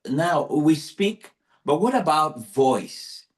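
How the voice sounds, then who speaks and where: Animated man telling stories. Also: on the high side, takes it slowly. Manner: animated storyteller, acts out quotes. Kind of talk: casual conversation.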